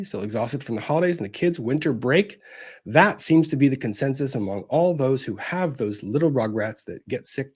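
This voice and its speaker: Lively, husky-voiced man hosting a stream. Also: medium pitch. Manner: chatty and upbeat, greets viewers by location. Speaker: livestream host. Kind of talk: casual livestream chat, reading viewer comments.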